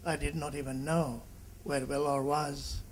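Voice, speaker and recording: A man in his seventies from Fiji, a doctor giving a halting reunion speech that turns into an animated patient story. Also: fairly high pitch, a little hiss or hum, rough recording. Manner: halting, with restarts and animated quotes.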